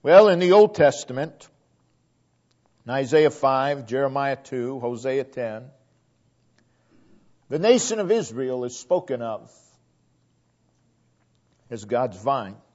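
Slow, dynamic male preacher, lo-fi. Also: mid-range voice, expressive. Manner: dynamic preaching, swelling emphasis then dropping to hushed line endings. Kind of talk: sermon.

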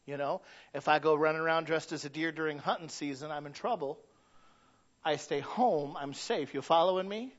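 A high-voiced Midwestern pastor preaching. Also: male voice, animated, moderate pace, muffled recording. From Michigan. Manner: conversational, swings from quiet asides to loud emphatic peaks. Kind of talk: sermon.

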